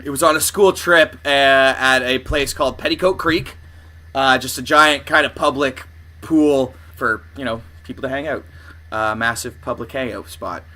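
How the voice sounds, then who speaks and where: Brief: bright, chatty guy telling stories on a comedy podcast. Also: mid-range voice, normal speed. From Canada. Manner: rambling, with frequent "uh" and laughter. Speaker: podcast co-host. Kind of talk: casual chat.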